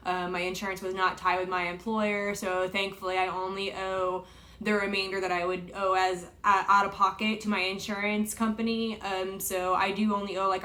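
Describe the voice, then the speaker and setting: A woman's voice: medium pitch, pushed and bright. A young woman telling a personal story to camera in a chatty, casual way, full of fillers and retold dialogue. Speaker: vlogger.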